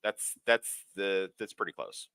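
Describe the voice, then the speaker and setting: A man's voice: low voice, animated, unhurried, vocal fry, bright, forceful tone, smooth, no echo. A man co-hosting a casual film podcast, joking bluntly and swearing. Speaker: podcast co-host.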